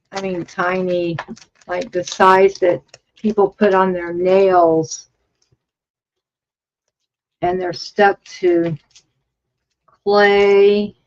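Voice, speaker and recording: A woman's voice: fairly low pitch, lo-fi sound. A woman in her fifties hosting a casual livestream from her home craft studio, rambling and chatty as she thinks aloud over her work. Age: 50s. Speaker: livestream host.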